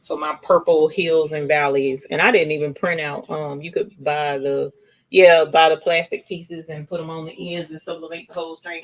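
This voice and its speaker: A woman's voice: low voice, fairly even intonation, normal speed. A woman hosting a crafting livestream, chatting casually and gushing to her viewers. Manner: gushing, addresses viewers as y'all. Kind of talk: casual live demo chat.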